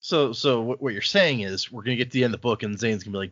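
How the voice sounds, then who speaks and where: A man co-hosting a casual book podcast, playful and quick to quote characters in silly voices. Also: mid-range voice, fairly bright tone, dry recording, muffled recording. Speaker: podcast co-host. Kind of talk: casual book-club chat.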